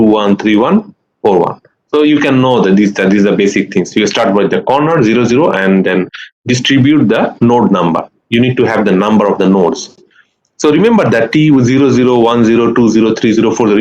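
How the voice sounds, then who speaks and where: A man lecturing a class, explaining step by step in a halting way and often checking in with "okay?" and "right?". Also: medium pitch, poor audio. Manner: walks through steps patiently, counting them aloud. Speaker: university lecturer.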